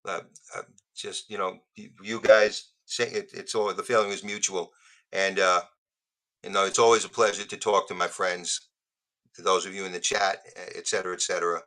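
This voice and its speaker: A man's voice: low voice, flat delivery, normal speed, pushed and bright, low-quality recording. A man, a musician guest on a podcast, telling jokey stories in casual chat. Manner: joking storyteller.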